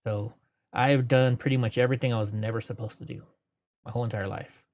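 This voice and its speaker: Fast and fairly even in intonation, a man in his forties with a medium, slightly mellow voice spins long anecdotes as a casual interview guest. He rambles, corrects himself, laughs between stories and mimics the people he quotes. A little hiss or hum is audible.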